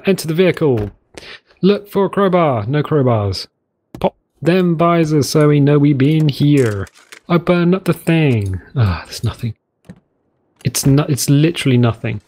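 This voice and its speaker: Male gaming host, mid pitch, lively and rambling, casual commentary. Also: unhurried. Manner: chatty, jokey, rambling asides. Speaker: let's play host.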